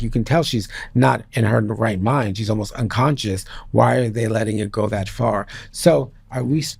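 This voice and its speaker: A man's voice: medium pitch, gravelly, a little mellow, breathy edge, dry recording. A man who once judged a modelling show, talking casually as a podcast guest and often chiming in with short agreements. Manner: emphatic, repeats short agreements.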